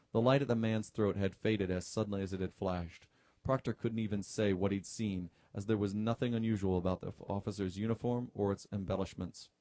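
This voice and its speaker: A middle-aged man, a radio host, reading a novel aloud, with relaxed joking asides between passages. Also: fairly low pitch, no room sound, clean studio sound.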